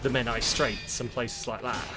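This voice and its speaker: A British streamer, joking and rambling as he plays, with quiet game music underneath. His voice sits at an ordinary middle pitch. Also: steady tone, moderate pace. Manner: joking, rambling, self-mocking. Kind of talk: casual gameplay chat with viewers.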